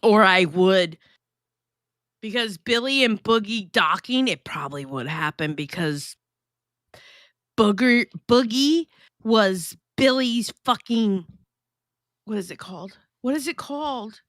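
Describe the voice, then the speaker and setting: A woman's voice: medium pitch, expressive, slow, long pauses, a bit bright, no echo, studio quality. A woman hosting a casual livestream, reading chat messages aloud and chatting in a blunt, profane, gossipy way.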